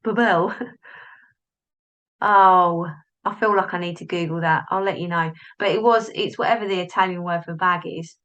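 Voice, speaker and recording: A woman's voice: fairly low pitch, steady tone, moderate pace, fairly bright tone, muffled recording. A woman hosting a solo podcast, talking in a chatty, self-interrupting way and acting out inner voices, recorded on a device's built-in mic. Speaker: podcast host, business coach. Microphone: device's built-in mic, not the plugged-in one.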